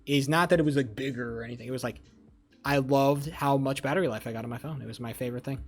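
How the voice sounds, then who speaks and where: Talking quickly in a mid-range voice, a young man hangs out with his live-stream audience, faint music playing behind him. He wanders from topic to topic, cursing and joking as he responds to chat.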